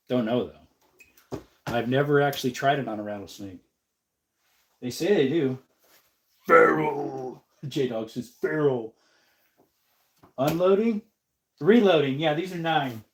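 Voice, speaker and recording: Young male streamer, congested and sniffling, relaxed casual chat in an ordinary mid-range voice. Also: mid-range voice, normal speed. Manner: easygoing, reads chat aloud and answers. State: stuffed-up nose, sniffling. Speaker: livestream host. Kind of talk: casual livestream chat while working.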